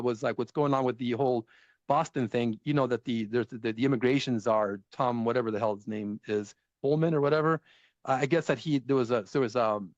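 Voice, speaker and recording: A man's voice: medium pitch, no echo. Rambling profane man on a dull dry mic. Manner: rambling, profane, animated impressions. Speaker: podcast host. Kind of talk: casual political chat.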